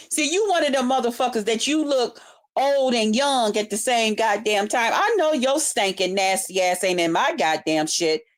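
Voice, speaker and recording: High-voiced woman on a profane rant. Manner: profane, confrontational, heavy swearing; repetitive, emphatic. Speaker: vlogger. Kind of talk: casual ranting monologue.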